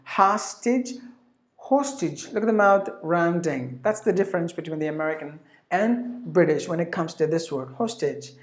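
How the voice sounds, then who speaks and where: A woman teaching English pronunciation, repeating each word slowly several times with filler sounds between explanations. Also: on the low side. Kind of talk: pronunciation lesson. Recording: echoey room.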